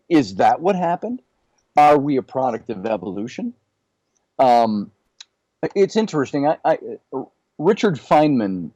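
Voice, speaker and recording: A man, a podcast guest, musing out loud and raising question after question in a casual discussion. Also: mid-range voice, dry recording, low-quality recording. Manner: musing, poses many questions.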